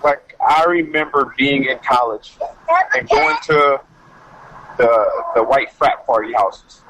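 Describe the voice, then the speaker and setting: A man who is a coach, talking as a podcast guest in casual chat, telling stories in an animated way and saying "like" often. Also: medium pitch, takes it slowly, slight background noise, poor audio. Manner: animated storytelling, frequent "like".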